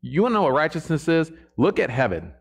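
A man's voice: a little high, big pitch swings, fast talker, gravelly. A man preaching a sermon to a church congregation in a conversational way, often checking in with the listeners.

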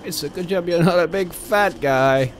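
A man commentating on a video game he is playing, excitable and sweary, often yelling at the game. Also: on the high side, moderate pace, slight background noise. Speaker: let's play gamer. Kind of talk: gameplay commentary.

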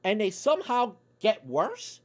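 A man's voice: high-pitched, very animated, measured pace, a little mellow. A man delivering a profane, angry sports fan rant on his YouTube channel, swearing in nearly every sentence.

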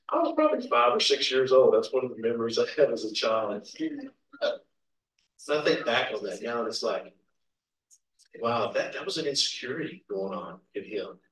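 Folksy preacher in an echoey church. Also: male voice, mid-range voice, sing-song, normal speed, pauses often, fairly bright tone. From Kentucky, USA. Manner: folksy, chuckling, calls out amens. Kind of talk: informal sermon with personal stories. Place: church sanctuary. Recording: echoey church hall, distant mic.

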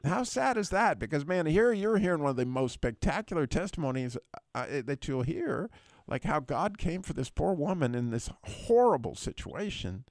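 A man's voice: a little high, normal speed, dry recording, clean studio sound. A middle-aged man hosting a radio prayer show, retelling a dramatic testimony in casual chat, his voice jumping up at the emotional peaks. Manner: animated storyteller, voice leaping up at emotional peaks.

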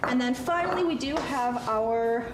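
Friendly female cooking instructor, high voice, roomy and noisy recording. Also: a little slow. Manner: patient, step-by-step, friendly. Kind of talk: cooking demonstration.

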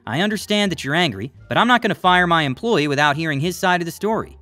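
Fair, composed store boss, read by a male narrator, even and firm. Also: a little high, fast talker, dry recording, soft background music. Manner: calm, firm, even-handed.

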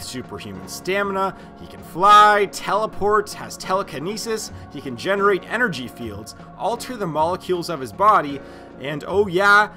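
Lively, animated young-sounding science vlogger man. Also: on the high side. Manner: chatty, jokey, animated explaining. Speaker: science video host. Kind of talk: casual science commentary.

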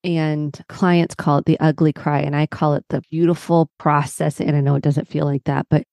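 A woman's voice: deep voice, level tone, normal speed, gravelly, darkish tone, no echo, clean studio sound. A middle-aged woman therapist hosting a solo podcast, talking in a reflective, personal and open way.

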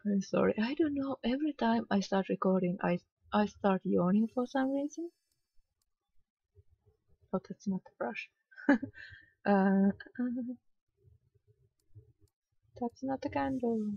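Yawny woman playing a hidden object game, husky voice, dry close sound, kinda annoyed. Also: on the high side, takes it slowly, long pauses, dry recording, dull audio. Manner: sleepy, yawning, mildly exasperated muttering. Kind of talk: casual let's-play commentary.

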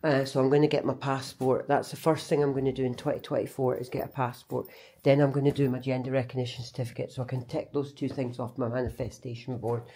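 A woman's voice: rumbling low, level tone, fast talker, dark tone, slightly rough. A Scottish woman talking casually to her vlog camera, chatty and rambling, often restarting and correcting herself. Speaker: vlogger.

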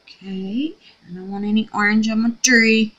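A middle-aged woman presents a relaxed resin craft tutorial, chatting to herself and her audience along the way. Her mid-range voice is a bit bright, with fairly even intonation and a moderate pace, though the recording is muffled.

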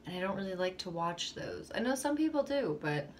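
A woman's voice: mid-range voice, sing-song, a little fast, a little hiss or hum. A young woman chatting casually to her vlog camera in a rambling way, with lots of fillers and small laughs. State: shivering with cold. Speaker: vlogger. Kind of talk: casual chat.

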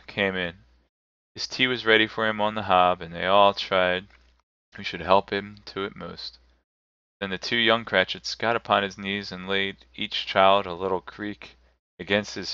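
A man streaming a live narration of a classic novel, telling it in a measured, steady way. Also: deep voice, clear, resonant tone, no echo, highs cut off. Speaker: streamer reading aloud.

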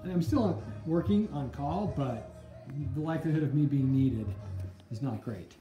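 A woman in her thirties with a low, mellow voice vlogs casually at home, chatty and upbeat as she talks straight to her viewers. The room rings with echo and faint music plays behind her. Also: animated, a little slow, dull audio. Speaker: family vlogger. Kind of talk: casual home vlog to camera. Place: family home indoors.

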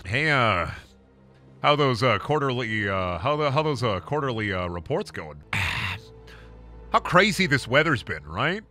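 A man doing a tired middle-aged office worker, droning through water-cooler small talk in a low, mumbling voice. He hesitates with uhs and sighs, sounding worn down by the job. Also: sing-song, measured pace, sharp tone, faint music behind. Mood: weary small talk. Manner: low, mumbling, weary chit-chat full of hesitations.

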